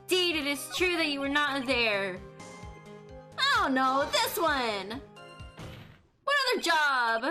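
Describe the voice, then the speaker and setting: A young woman streaming a game, giving loud, frustrated commentary full of swearing. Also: high voice. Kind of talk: live gameplay commentary. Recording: faint game music behind.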